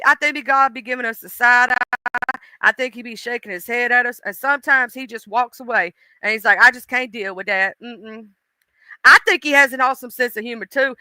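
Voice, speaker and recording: A woman's voice: a little high, brisk, sharp tone, smooth, no echo, poor audio. A woman hosting a casual live stream, chatting and laughing, greeting viewers by name.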